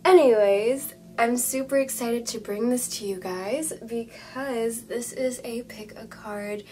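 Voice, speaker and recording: A young woman with a slightly hoarse voice leads a tarot card reading at a slow, unhurried pace. She speaks in soothing, drawn-out phrases, and her pitch sits in the middle of the range. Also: darkish tone, a little hiss or hum, poor audio. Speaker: tarot reader. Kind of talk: calm guided tarot reading.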